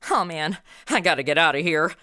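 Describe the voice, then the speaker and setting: Bright-voiced wisecracking young woman. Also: deep voice, expressive, fairly quick, no room sound. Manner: sarcastic, modern, wisecracking. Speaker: lead character and narrator. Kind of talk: comedy audio drama.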